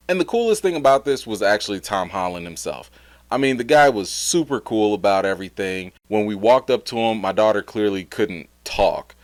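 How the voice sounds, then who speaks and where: A man's voice: on the low side, no echo. A father and vlogger giving an upbeat, chatty voice-over for his video, recorded on a close mic. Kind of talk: casual vlog voice-over.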